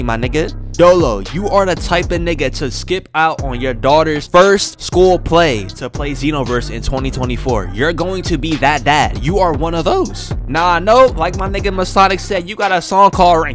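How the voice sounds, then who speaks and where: A man's voice: a little high, normal speed, few pauses, a bit bright, soft background music. A young man delivering a profane, boastful diss rant as a YouTuber. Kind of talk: trash-talking diss rant.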